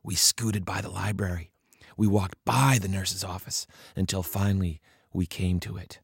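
A man telling a story from his own childhood as a performed piece, acting out the voices and dropping to a hush for suspense. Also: low-pitched, fairly even intonation, a little slow, gravelly, husky, dry recording, studio quality. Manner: acts out the children's voices, drops to hushed tones for suspense.

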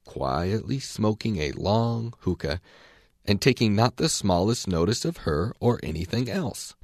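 A man reads a storybook aloud in a measured, expressive way. His voice sits fairly low with lively rises and falls, recorded dry and close. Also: dry recording. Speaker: reader.

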